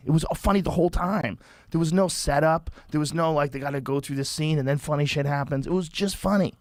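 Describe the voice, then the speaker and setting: A man hosting a podcast, telling stories in a casual, profane, animated way. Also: fairly high pitch, fast, no echo, studio quality. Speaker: podcast host.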